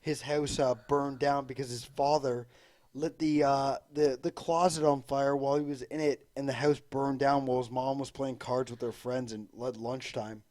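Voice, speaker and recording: A man's voice: mid-range voice, steady tone, normal speed, darkish tone. A young man telling blunt, offhand stories from his childhood in casual podcast chat, joking and using fillers. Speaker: podcast co-host.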